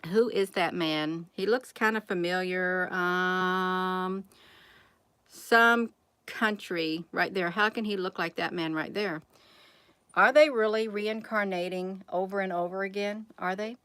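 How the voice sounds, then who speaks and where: A channel host with a somewhat low, bright voice speaks slowly in a forceful, clean tone on a dry recording. Hosting a casual vlog, she rambles, calls her viewers "you all," and fires off one rhetorical question after another.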